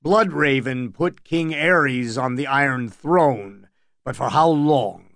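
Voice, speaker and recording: A man's voice: mid-range voice, slow, vocal fry, a bit bright, no echo, studio quality. A man reading an audiobook, voicing a boastful, grumbling middle-aged knight who talks indignantly. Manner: indignant, blustering.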